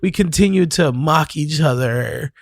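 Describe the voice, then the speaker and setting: Slow, measured male horror narrator. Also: a little high, dry recording, clean studio sound. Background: faint music.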